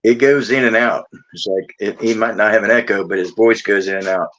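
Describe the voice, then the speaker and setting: A man's voice: lowish voice, steady tone, a little fast, fairly bright tone. A man co-hosting a casual livestream, matter-of-fact as he sorts out technical problems. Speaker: stream co-host. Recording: dull lo-fi audio.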